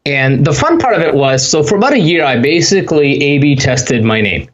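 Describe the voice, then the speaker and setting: A man answering interview questions in a relaxed, conversational way, telling anecdotes. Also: on the high side, brisk, highs cut off. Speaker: podcast guest.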